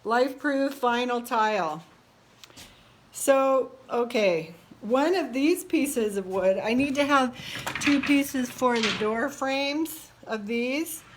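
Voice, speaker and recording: This realtor, a middle-aged woman, speaks slowly into the phone she's holding while remodeling her home indoors, with slight background noise. Her voice is a little high; she's burnt out and tired, rambling casually with lots of laughter and exasperated comments.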